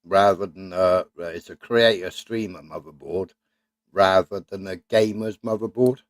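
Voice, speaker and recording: A man's voice: low-pitched, measured pace, no room sound. A man hosting a casual live chat, rambling and swearing as he talks.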